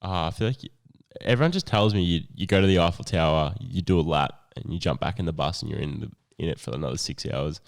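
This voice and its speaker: A man's voice: low voice, quick pace, creaky. A young adult man, co-hosting a podcast in a laid-back, sweary chat. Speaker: podcast co-host. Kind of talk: casual chat.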